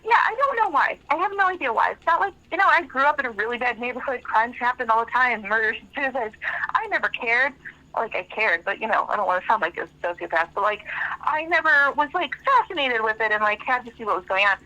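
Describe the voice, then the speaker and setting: A woman's voice: fairly high pitch, expressive, quick pace, pushed and bright. A woman calling in to a radio show, telling a story in a rambling, frank way with lots of fillers. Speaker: caller. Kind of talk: telling a story on a phone call. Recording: tinny phone line.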